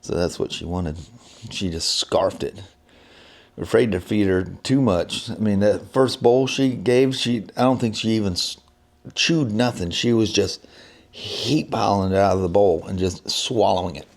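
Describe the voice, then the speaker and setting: A man's voice: lowish voice, a little slow. A middle-aged man vlogging casually, telling a family story in a rambling way with lots of fillers and restarts.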